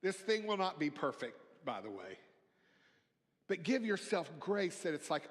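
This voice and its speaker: A man preaching a reflective sermon as a minister, slow and gentle, dropping to near-whispers on key phrases. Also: sits high, very animated. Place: church sanctuary. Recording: long hall reverb.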